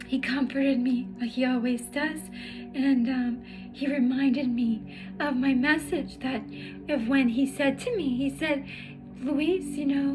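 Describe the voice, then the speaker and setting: A tired woman sharing her personal story in a heartfelt vlog, halting and emotional, with many fillers and restarts. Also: sits high, low-quality recording. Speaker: spiritual vlogger. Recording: music playing in the background.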